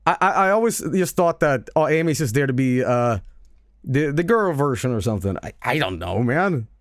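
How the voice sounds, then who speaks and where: Male streamer, lively pitch, dry close mic, rambling and stammering, swears, laughs. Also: normal speed, no room sound. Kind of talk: casual stream chat.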